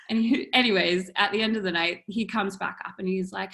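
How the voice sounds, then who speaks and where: A woman's voice: medium pitch, a little fast, hardly any pauses, a bit bright. A woman guest on a podcast telling a story casually and animatedly, with lots of fillers and laughter.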